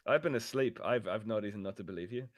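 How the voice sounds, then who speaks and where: A man's voice: fairly low pitch, fast. A man playing a tabletop role-playing game, exasperated and swearing in character. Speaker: player. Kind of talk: tabletop role-play, casual.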